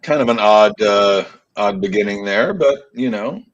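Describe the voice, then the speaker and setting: A man co-hosting a sports podcast, relaxed, tossing in play-by-play updates between banter. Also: lowish voice, measured pace, muffled recording. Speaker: podcast co-host. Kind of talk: casual sports chat with play-by-play calls.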